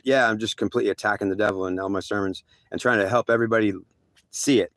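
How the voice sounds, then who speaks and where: A man's voice: on the low side, fairly even intonation, fast, a bit bright, no room sound. A man telling a rambling first-person story with slangy asides, acting out the dialogue in a raised voice. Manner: acts out quoted dialogue in a raised voice.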